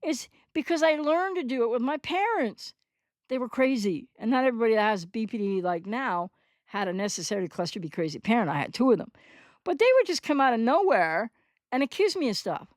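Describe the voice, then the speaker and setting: A woman's voice: on the high side, sing-song, brisk, dry recording, clean studio sound. A woman in her sixties hosting a recovery channel, giving a rambling, candid, unscripted monologue in reply to a commenter, often correcting herself as she goes.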